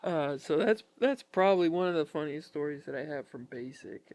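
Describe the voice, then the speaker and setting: A man in his twenties, a podcast guest, telling army stories in a casual, animated way and often breaking into laughter. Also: on the high side, a little fast. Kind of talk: casual storytelling.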